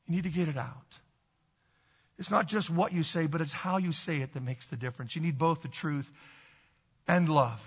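A man's voice: high voice, pushed and bright, husky, big-room sound, dull audio. A man preaching a sermon as pastor, emphatic and repetitive, calling on the congregation to repeat after him.

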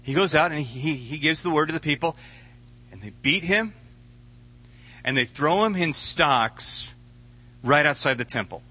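Male pastor, sermon, bright forceful voice, earnest and conversational. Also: a little high, lively intonation, moderate pace, long pauses, husky. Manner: earnest, conversational preaching with repeated words.

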